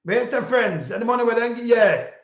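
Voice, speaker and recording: A Jamaican man with a strikingly high voice delivers fired-up political commentary in patois, hammering his points again and again. The sound is roomy and dull, like a lo-fi home recording. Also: lively intonation, brisk. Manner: preachy and repetitive, speaking in patois, sometimes shouting. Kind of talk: impassioned spoken commentary.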